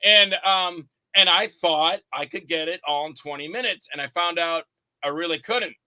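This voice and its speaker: Indie horror actor guy, high and super bright voice, animated storyteller, swears a lot. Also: normal speed, no room sound, lo-fi sound. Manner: animated, acts out the other people in his stories; swears freely. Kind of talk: casual interview storytelling.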